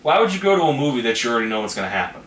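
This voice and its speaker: A man's voice: mid-range voice, sing-song, rapid-fire, fairly bright tone. A man hosting a casual trailer reaction, rambling and hedging as he talks. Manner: rambling, hedging with "you know what I mean". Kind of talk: casual chat. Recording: echoey room with faint noise.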